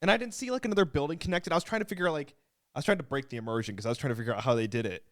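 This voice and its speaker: A man's voice: a little high, very fast, a bit bright. A young man co-hosting a podcast in casual chat, mostly giving short agreeing replies and finishing his co-host's sentences. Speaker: podcast co-host.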